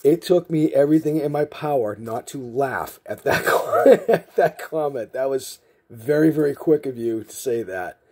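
A man quoting a stern male army drill sergeant who barks curt orders, in a mellow, husky voice close to his own. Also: fairly high pitch, moderate pace. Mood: amused.

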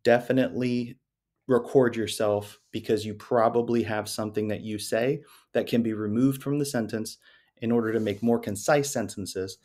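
A man's voice: mid-range voice, steady tone, normal speed, a little mellow. A man coaching salespeople in a casual, conversational way, often adding little tag questions. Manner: conversational, often tags "right?" and "you know". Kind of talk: casual instructional talk to camera.

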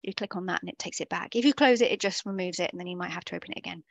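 A woman's voice: lowish voice, rapid-fire, vocal fry, dry recording. Chatty woman teaching a coding workshop. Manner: chatty, explanatory, often self-correcting. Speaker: workshop instructor. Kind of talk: live online coding workshop.

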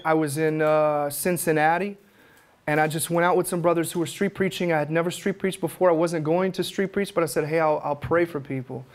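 A man, an evangelist teaching at a conference, telling his stories with fervor. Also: a little high. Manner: fervent storytelling, acts out his own prayers.

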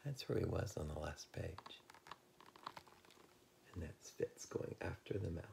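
Man reading a kids' storybook, gravelly voice, lively pitch, hushed asides to children. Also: a little slow, background noise. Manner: lively, drops to a hush to ask kids to find the cat. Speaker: children's book reader. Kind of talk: reading a picture book aloud to children.

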